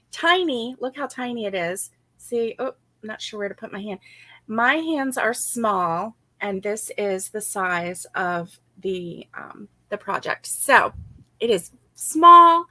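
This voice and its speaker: A woman's voice: medium pitch, a bit bright, no echo. A woman co-hosting a casual crochet-along, chatty and giggly as she greets viewers by name. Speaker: crochet co-host.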